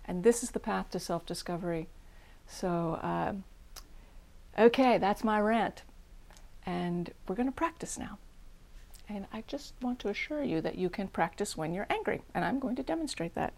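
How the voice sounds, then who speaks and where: Creaky-voiced frank meditation teacher woman. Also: mid-range voice, animated, measured pace, a little mellow. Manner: frank, plain-spoken and self-deprecating. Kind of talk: dharma talk and guided meditation.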